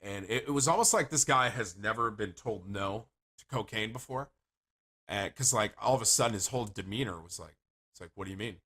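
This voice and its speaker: A man livestreaming, telling rambling stories to his chat in a casual, animated way and swearing freely. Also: lowish voice, a little fast. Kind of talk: casual storytelling to stream chat.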